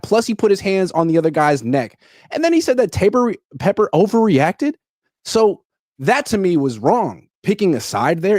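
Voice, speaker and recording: A man giving sharp, opinionated takes as a panelist on a sports talk show. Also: fairly high pitch, dry recording, studio quality. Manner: opinionated, pointed and sarcastic. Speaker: co-host panelist.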